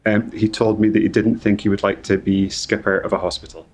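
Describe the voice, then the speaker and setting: Low-voiced man, halting and grieving. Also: little pitch movement, darkish tone. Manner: halting, repeats words, grieving. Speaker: guest, company founder. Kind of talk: emotional interview conversation.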